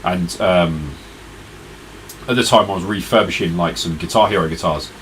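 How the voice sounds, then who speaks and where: A man's voice: low voice, moderate pace, a bit bright, slight background noise, low-quality recording. A tired man streaming retro games, chatting casually and rambling to his viewers. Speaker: retro gaming live streamer. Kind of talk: casual live-stream chat.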